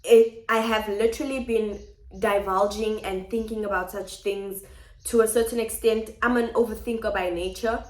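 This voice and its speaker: A woman's voice: medium pitch, fairly even intonation, moderate pace, a little mellow. A woman vlogging at home, talking things through in a reflective, repetitive way. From South Africa. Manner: reflective, speaks in repeated phrases. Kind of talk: personal vlog confiding to viewers. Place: home kitchen. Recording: echoey kitchen.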